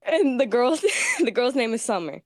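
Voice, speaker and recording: Animated woman caller, dry close sound. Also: on the high side, normal speed, no room sound. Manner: animated, petty, acts out quotes. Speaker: caller asking for advice. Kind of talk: casual storytelling.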